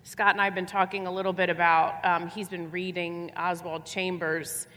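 Woman preacher, lowish voice, emphatic and repetitive, long hall reverb. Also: flat delivery, moderate pace, bright, forceful tone. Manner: emphatic, repeats phrases and asks rhetorical questions. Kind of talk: sermon.

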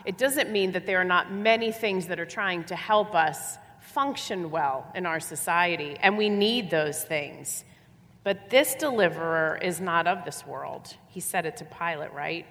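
A woman delivers a sermon with a slightly low voice, pressing her points through repetition and rhetorical questions. Her voice rings out with a long reverb, as if recorded in a large hall. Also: unhurried, fairly bright tone. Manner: emphatic, repeats phrases and asks rhetorical questions. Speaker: preacher.

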